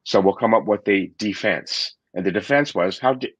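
A man's voice: lowish voice, normal speed, no room sound. A man hosting a podcast, reflecting candidly in a casual chat with many fillers and restarts. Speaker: podcast host and coach. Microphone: remote call microphone.

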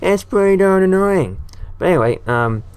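Excitable man rambling over a game. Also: sits high, moderate pace, clear, resonant tone. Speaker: gaming video creator. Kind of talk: casual let's-play commentary.

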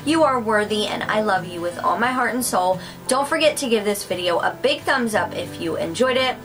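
A woman's voice: mid-range voice, lively intonation, moderate pace, fairly bright tone, faint music behind, rough recording. A woman chatting casually to her viewers about craft and decor finds, gushing with lots of fillers. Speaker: craft vlogger. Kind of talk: casual haul chat to camera.

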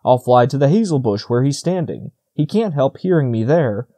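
A man doing a croaking, chatty magpie. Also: mid-range voice, lively intonation, moderate pace, dark tone, lightly acted. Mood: busy. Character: chattering, self-important magpie.

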